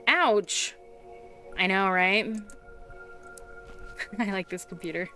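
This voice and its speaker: A woman's voice: medium pitch, slow pace, sharp tone. A woman streamer giving casual, giggly commentary while playing a game. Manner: giggly, amused. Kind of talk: casual let's-play commentary. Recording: game music playing underneath.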